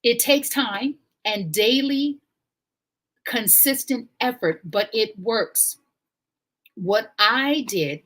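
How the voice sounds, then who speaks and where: A woman leads her live-stream show with a husky, slightly breathy voice. She talks casually and with emphasis, and her pitch jumps up whenever she gets excited. She reads passages aloud and comments on them. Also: poor audio. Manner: animated and emphatic, swings up in pitch when excited. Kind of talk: casual motivational talk with book reading. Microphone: home live-stream mic.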